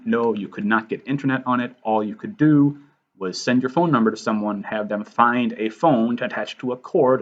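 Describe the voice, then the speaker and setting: A man's voice: mid-range voice, highs cut off. A man hosting a writing lesson over slides, casual and self-deprecating. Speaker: writing teacher and host.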